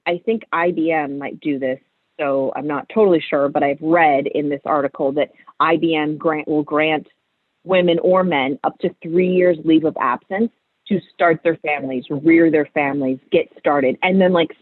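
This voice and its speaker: Woman in her 30s, open and animated guest, heard over a thin phone-like call line with no room sound. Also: deep voice, dry recording. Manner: candid, animated storytelling. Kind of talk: casual interview chat. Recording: tinny phone-like line, dry.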